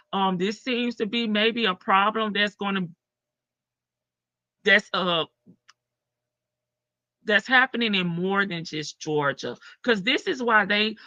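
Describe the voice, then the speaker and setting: Woman live-streamer with a bright, forceful voice, chatty and loose; dry, slightly dull lo-fi audio. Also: mid-range voice, dry recording. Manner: chatty, greets viewers by name, reads articles aloud. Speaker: livestream host. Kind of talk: casual live-stream chat and news reading.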